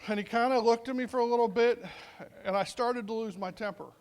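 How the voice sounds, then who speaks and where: A middle-aged man with a fairly high voice speaks to a veterans summit as a police sergeant. His talk is conversational, and he acts out snatches of dialogue as he tells his story. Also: fairly even intonation, brisk, darkish tone, clean tone. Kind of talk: storytelling speech.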